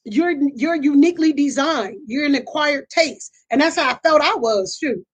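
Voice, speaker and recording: A middle-aged woman with a high voice talks through a casual chat as host. She tells stories in a lively, animated way, acts out quotes and laughs often. She repeats herself and restarts phrases as she goes. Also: moderate pace.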